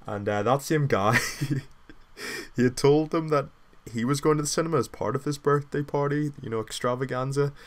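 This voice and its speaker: A man's voice: mid-range voice, normal speed. A young man, telling a casual story in a rambling, self-deprecating way full of filler words.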